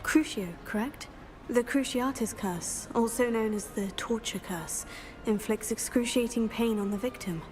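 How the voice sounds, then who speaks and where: An actress playing an earnest, caring young female wizard student who speaks gently and sympathetically. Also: fairly high pitch, unhurried, slight background noise, lightly acted.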